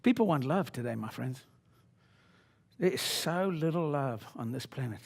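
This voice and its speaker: A man in his sixties speaking at a seminar, brash and boastful, dropping to low asides and then pushing up into loud exhortation at the audience. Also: expressive, normal speed, gravelly, breathy edge. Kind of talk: motivational seminar talk. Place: conference room before an audience.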